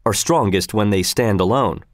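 A man's voice: lowish voice, normal speed, dry recording, clean studio sound, lightly acted. A man reading aloud, voicing a stoic hero who speaks in short, proverb-like sayings. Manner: terse, proverb-like pronouncements. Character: laconic, brave male hero, calm and stoic.

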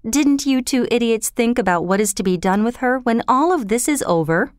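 A woman voicing a stern, kindly older society mother with a sharp, scolding way of speaking, in a storybook reading. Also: on the high side, animated, normal speed, clear, resonant tone, dry recording, clean studio sound, close to an everyday voice.

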